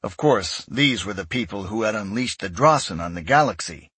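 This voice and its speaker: A man giving scripted narration of a sci-fi story in a measured, even way. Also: on the low side, breathy edge, no echo. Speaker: audiobook narrator.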